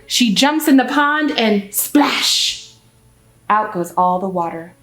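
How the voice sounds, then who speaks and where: Animated woman reading a picture book aloud. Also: medium pitch, takes it slowly. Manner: animated, asks the audience questions. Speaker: children's librarian. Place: library. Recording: echoey room, faint music.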